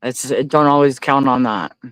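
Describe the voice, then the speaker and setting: A man hosting a casual livestream, reading viewer comments aloud. He talks in a blunt, profane rant and breaks into loud, high-pitched disbelief. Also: normal speed, smooth, no echo. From Canada. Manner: loudly incredulous, rises to high exclaims. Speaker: livestream host.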